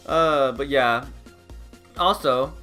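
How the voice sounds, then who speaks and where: A man's voice: medium pitch, very slow, pushed and bright, faint music behind. A young man in his late teens or early twenties, vlogging in a rambling casual chat, full of "like" and laughs. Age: young adult. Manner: rambling, heavy use of "like", frequent laughs.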